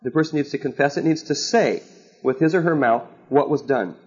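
A fairly high-pitched man talks a little fast, his tone slightly mellow, as he preaches on counseling. His teaching is earnest and repetitive, peppered with "okay?" check-ins, over slightly dull lo-fi sound.

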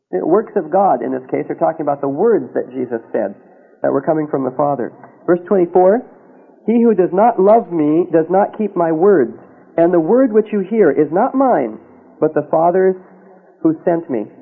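A man's voice: a little high, animated, moderate pace, vocal fry, breathy edge, narrow, tinny audio. A man teaching from the Bible in sermon style, reading scripture aloud and checking in with his listeners. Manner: reads scripture aloud and checks in with frequent "Okay?".

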